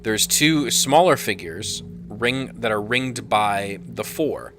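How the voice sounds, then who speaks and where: A man's voice: lowish voice, takes it slowly, music in the background. A man narrating as game master of a tabletop game, easygoing and prone to trailing off.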